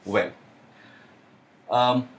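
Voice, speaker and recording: A young man with an Indian accent hosting a casual live Q&A, chatty and excitable, with lots of uh and um. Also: medium pitch, extremely slow. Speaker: live stream host.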